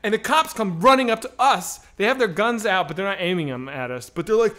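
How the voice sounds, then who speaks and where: Animated, bright-voiced man telling a story. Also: high voice, fairly quick. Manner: animated, profane, acts out the voices in his story. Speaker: comedy podcast host. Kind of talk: storytelling on a stream.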